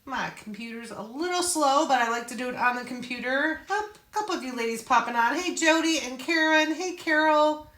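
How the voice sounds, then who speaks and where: A woman's voice: high voice, brisk, fairly bright tone, echoey room. A chatty, upbeat woman hosting a live craft tutorial and greeting viewers by name. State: out of breath. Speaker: craft class host.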